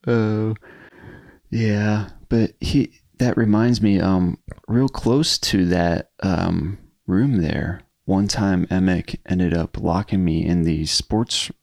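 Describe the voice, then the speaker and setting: Middle-aged male co-host, lively storyteller, gravelly texture, dry close sound. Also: sits low, slow pace, no room sound. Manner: laughing storyteller, acts out quoted voices. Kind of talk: casual storytelling chat.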